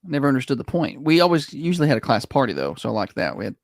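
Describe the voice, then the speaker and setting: A chatty Southern American man hosts a morning radio show, his voice lively and swinging up and down as he rambles through opinions and restarts. He is heard close on a studio mic in a dry, dead room. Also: mid-range voice, rapid-fire, vocal fry, no echo. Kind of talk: casual radio banter and live reads. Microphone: studio microphone.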